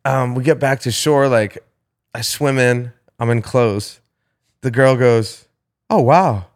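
A man's voice: mid-range voice, slow, smooth. Young man telling a rambling story. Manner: animated, swearing, heavy filler words. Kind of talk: casual storytelling among friends.

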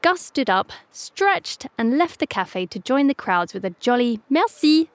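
Lively woman reading a children's story. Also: fairly high pitch, measured pace, no room sound.

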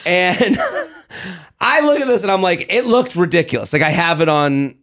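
Animated man telling a story. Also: sits high. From United States. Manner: animated storytelling, profane, quick asides. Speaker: comedian and podcast host. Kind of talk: casual podcast chat.

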